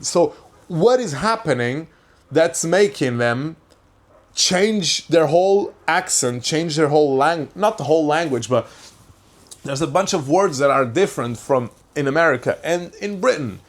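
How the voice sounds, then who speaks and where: A man's voice: fairly high pitch, animated, moderate pace. A young man, rambling through a casual podcast monologue, full of questions and frequent swearing. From Portugal. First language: Portuguese. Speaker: podcast host.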